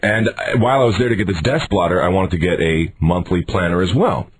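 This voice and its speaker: Husky-voiced man telling an outraged story. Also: low voice, brisk, low-quality recording. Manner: gets worked up, shouting in outrage. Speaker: radio show co-host telling a story. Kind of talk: animated radio storytelling. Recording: radio studio broadcast.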